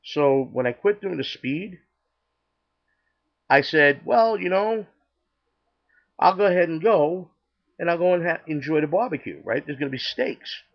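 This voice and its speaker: A man's voice: a little high, lively intonation, a little slow, gravelly, long pauses, lo-fi sound. An older man casually telling his personal faith testimony, chatty and acting out the dialogue with many restarts. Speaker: storyteller sharing his testimony.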